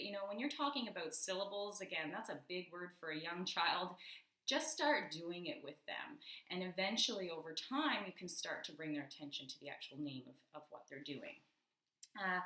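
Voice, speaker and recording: Woman teaching with a bright, echoey sound. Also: on the low side. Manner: reads aloud slowly, stretching rhyming words. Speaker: literacy educator. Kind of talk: instructional demonstration with storybook reading. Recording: echoey room.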